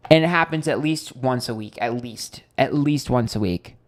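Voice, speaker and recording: Here a tarot livestream host rambles through a story with plenty of swearing, exasperated and dramatic, alternating soft asides with sudden loud bursts. He speaks in a mid-range voice at a moderate pace on a dry recording.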